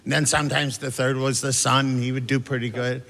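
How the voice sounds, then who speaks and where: A man performing a stand-up routine with wry, deadpan family stories and lively mimicry of his relatives. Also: medium pitch, brisk. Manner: wry, deadpan storytelling that jumps into family voices. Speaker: stand-up comedian. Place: large theater stage with a laughing audience. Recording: long hall reverb, clear audience noise.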